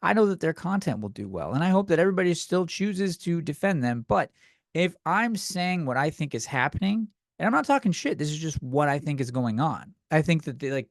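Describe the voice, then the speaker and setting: A man with a slightly high voice vents on his comedy podcast. He swears often and sounds exasperated, with a pitch that swings widely. The sound is close and dry, with no room echo. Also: animated, fairly quick. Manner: profane, exasperated ranting. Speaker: podcast host.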